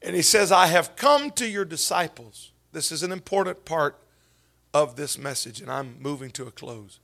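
A man preaching a sermon as pastor, swinging from hushed whispers up to shouted, tearful peaks. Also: fairly high pitch, expressive, moderate pace, gravelly.

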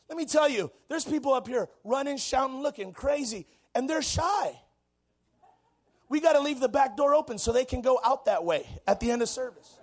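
A man preaching a Pentecostal sermon, shouting and folksy, dropping to quiet asides between loud calls. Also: extremely high pitch, lively intonation, moderate pace. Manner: shouting, preaching with rising intensity. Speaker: pastor.

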